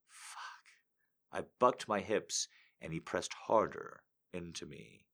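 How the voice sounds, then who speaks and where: A man reads romance excerpts aloud on a live show, his voice very deep and the pace unhurried. He lingers over the words with deliberate, sensual phrasing, now and then sinking into a near-whisper. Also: a bit bright. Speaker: host reading excerpts aloud. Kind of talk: dramatic reading on a live stream.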